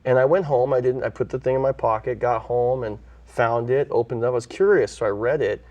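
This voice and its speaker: A man's voice: medium pitch, brisk, darkish tone, recorded from a distance, muffled recording. A man from California, a pastor who is a guest on an interview show, earnestly telling his own story and acting out the voices he quotes. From California, USA.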